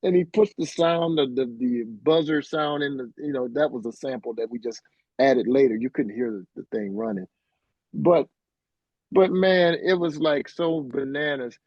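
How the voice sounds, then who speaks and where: A man's voice: medium pitch, normal speed, dry recording, lo-fi sound. A middle-aged man, a keyboardist guest in an interview, casually telling a story and acting out the voices of the people in it. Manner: animated, acts out quoted voices, fillers like "like" and "bro".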